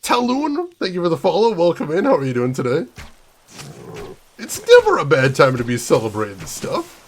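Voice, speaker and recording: A man's voice: fairly high pitch, wildly swooping pitch, normal speed. A young American man streaming a game, chatting casually and mock-ranting playfully at his chat. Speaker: gaming streamer. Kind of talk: casual gameplay commentary.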